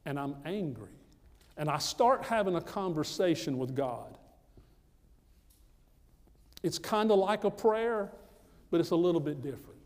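American guy preaching his testimony, kinda high voice, keeps repeating stuff for punch, big echoey hall. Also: animated, a little slow, pauses often, a little mellow. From United States. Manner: emphatic, repeats phrases for effect. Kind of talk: storytelling sermon.

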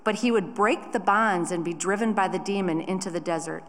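A woman reading a scripture passage aloud in a measured, deliberate way during a church service. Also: fairly low pitch. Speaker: scripture reader. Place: church sanctuary. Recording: long church reverb.

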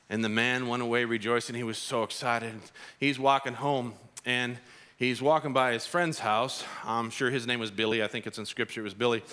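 A man preaching a sermon as pastor, telling a parable in an animated, storytelling way in a church. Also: medium pitch, normal speed. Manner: animated storytelling, acts out characters.

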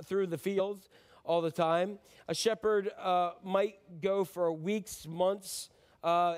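Joking, high-voiced male pastor. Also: a little mellow. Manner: conversational and joking, asks the audience questions. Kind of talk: Christmas sermon.

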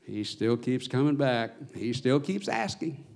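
A man's voice: mid-range voice, unhurried, creaky, darkish tone. A man preaching a sermon as pastor, earnest, his voice swelling on his exhortations.

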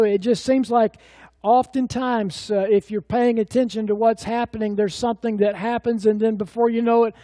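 High and mellow, this middle-aged pastor's voice carries a sermon told through folksy, meandering stories full of fillers and restarts. It's a close, dry recording.

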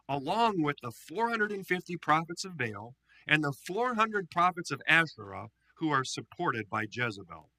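A man pastor reading a Bible story aloud in a sermon, animated, with playful asides to the listeners. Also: medium pitch, poor audio.

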